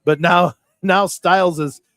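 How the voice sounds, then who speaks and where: A man giving folksy, rambling play-by-play commentary on a high school football game, often correcting himself. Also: fairly even intonation, unhurried, fairly bright tone, no echo. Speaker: play-by-play announcer.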